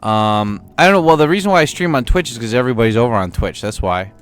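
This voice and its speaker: A man's voice: mid-range voice, expressive, fast talker, clear, resonant tone. A young man, a game streamer, chatting crudely and rambling with his chat while playing. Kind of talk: casual livestream gaming commentary.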